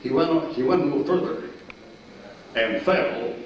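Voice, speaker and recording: An older man preaching a sermon, telling army stories in a folksy, animated way, with sudden shouts and laughs. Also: fairly high pitch, moderate pace, slight background noise. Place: church sanctuary. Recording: echoey distant church recording, dull and lo-fi.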